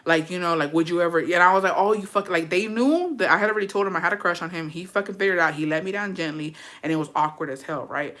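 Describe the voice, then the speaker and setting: A young woman spills a personal story to her viewers in a bright, clear-toned voice. She is profane and chatty, with dramatic asides as she goes. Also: lowish voice, fast talker, few pauses. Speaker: vlogger telling a personal story. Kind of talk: casual storytelling.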